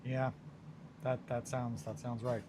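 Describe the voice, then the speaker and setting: A man's voice: medium pitch, little pitch movement, unhurried, background noise. A man chatting casually and rambling with viewers from his home studio, self-mocking and swearing now and then. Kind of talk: casual chat.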